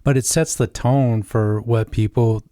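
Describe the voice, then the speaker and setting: A man co-hosting a podcast, speaking candidly and quickly in casual conversation. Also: medium pitch, steady tone, mellow, no echo, studio quality.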